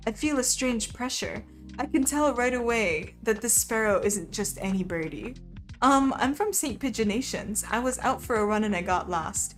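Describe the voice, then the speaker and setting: A woman's voice: a little high, animated, normal speed. A young woman streaming a game, reading a visual novel aloud with casual, wry asides and laughter. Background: faint background music.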